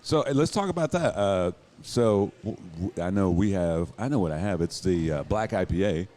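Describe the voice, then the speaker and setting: A man with a very deep voice hosts a relaxed beer podcast. He chats loosely with his co-host and guest and laughs easily between lines. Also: moderate pace. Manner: laughs often, easygoing banter. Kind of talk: casual chat.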